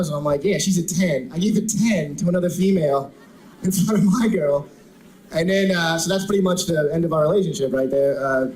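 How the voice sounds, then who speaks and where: A man's voice: high voice, slight background noise, poor audio. A man doing a stand-up comedy routine in a conversational way, asking the crowd questions.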